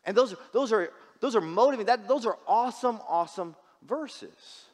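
A man's voice: high voice, animated, normal speed, in a large hall. A man preaching a sermon as a guest pastor, casual and joking, often repeating words as he restarts. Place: church sanctuary.

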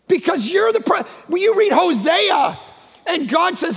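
A male guest pastor preaching a sermon in a church, emphatic and often shouting. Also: very high voice, sing-song, normal speed, creaky. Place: church sanctuary. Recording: long echo of a large church hall.

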